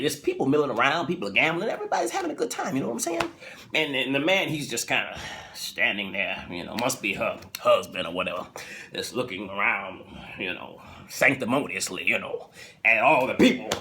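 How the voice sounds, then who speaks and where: A man casually retelling a TV episode in a chatty, animated way, laughing often, recorded on a phone. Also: mid-range voice, brisk.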